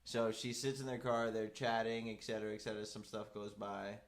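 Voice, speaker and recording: A young man on a podcast, fairly low in pitch and brisk, shares a story as co-host in easygoing conversation. He's an animated storyteller who acts out the people he quotes and fills his speech with "like."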